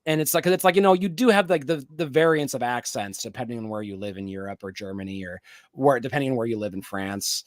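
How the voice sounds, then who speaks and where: On a podcast, a male co-host recaps a TV episode in casual chat, rambling with plenty of fillers and restarts. His mid-range voice moves at a quick pace, and the recording is dry with clean studio sound.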